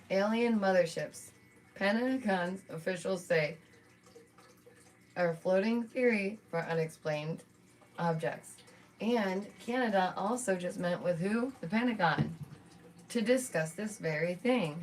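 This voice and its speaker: A woman's voice: lowish voice, gravelly, slight background noise. A woman hosting a casual live stream from home, chatting to her viewers as "y'all" with lots of asides and small laughs. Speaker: streamer and channel host.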